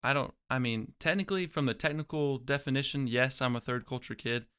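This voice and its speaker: Speaking a little fast in a medium-pitched, somewhat bright and smooth voice, a young Oklahoman tells his personal story as an interview guest. He's reflective and casual, frequently restarting his phrases.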